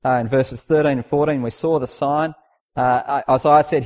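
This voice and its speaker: A man's voice: mid-range voice, fairly even intonation, moderate pace, a little mellow. A man preaching a sermon in a conversational, emphatic way, posing rhetorical questions and reading out scripture.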